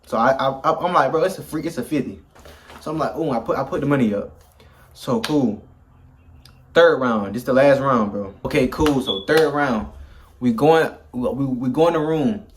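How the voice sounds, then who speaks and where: A young man telling a story in casual slang, animated and acting out the people he quotes. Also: mid-range voice, moderate pace, slight background noise. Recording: loud background music.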